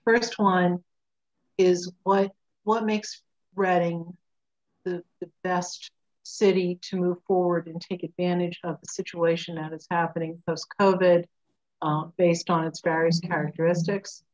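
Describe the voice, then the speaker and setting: A woman on a video call asking two measured, methodical questions. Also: fairly low pitch, level tone, darkish tone, highs cut off. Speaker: meeting participant asking questions. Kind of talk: meeting discussion.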